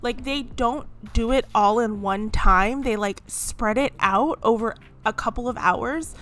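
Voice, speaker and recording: A young woman hosting a solo podcast, venting in a chatty, animated way with many fillers. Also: fairly high pitch, measured pace. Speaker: podcast host. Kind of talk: casual solo podcast rant. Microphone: podcast microphone.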